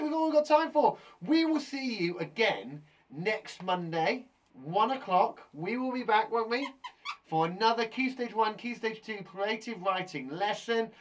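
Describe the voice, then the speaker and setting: A man's voice: sits high, a bit bright, a little hiss or hum. A young man hosting a playful live online lesson for children. He chats to a toy monkey puppet as he teaches. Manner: bouncy and playful, talks to a puppet. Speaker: primary school teacher and host.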